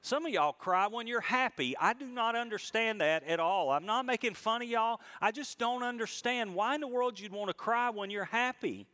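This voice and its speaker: An animated middle-aged pastor gives a sermon that swings from quiet musing to loud, high emphasis. Key lines come out at a slower pace.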